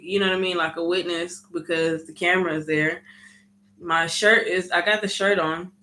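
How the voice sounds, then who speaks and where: A woman vlogger telling a story in a casual, animated way and acting out what people said. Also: lowish voice, a little hiss or hum. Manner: animated storytelling, frequent "you know what I mean"; acts out quoted dialogue.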